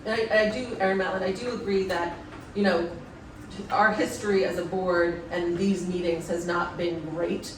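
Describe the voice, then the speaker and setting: A woman's voice: on the low side, steady tone, moderate pace, noisy background. A woman at a public board meeting, speaking conciliatorily and hesitantly, with many restarts. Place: town meeting room. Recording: echoey room from far off.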